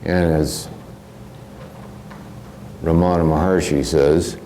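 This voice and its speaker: A man's voice: rumbling low, fairly even intonation, slow pace, mellow, slight background noise, low-quality recording. An older man from the American Midwest giving a rambling, reflective spiritual lecture and often chuckling as he tells stories. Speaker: spiritual teacher.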